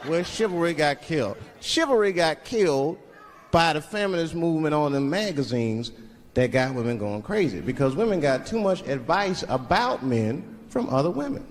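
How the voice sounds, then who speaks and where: A man's voice: a little high, animated, normal speed. Brash man doing stand-up. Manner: brash, profane storytelling with acted-out voices. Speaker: stand-up comedian. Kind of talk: stand-up comedy routine. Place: comedy stage before a live audience. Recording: live show with loud crowd laughter.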